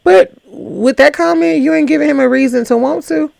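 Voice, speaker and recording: A woman's voice: sits high, a little fast, vocal fry, darkish tone, no echo. A woman hosting a casual, sassy recap of a dating show, chatting to her viewers. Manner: chatty, sassy, quotes people in little voices. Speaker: reaction show host.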